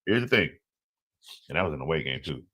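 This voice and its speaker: Man, fantasy football host, casual solo commentary, excitable, slangy, pitch jumping all over. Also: fast. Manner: animated, excitable, laughs often, trash-talking, slangy.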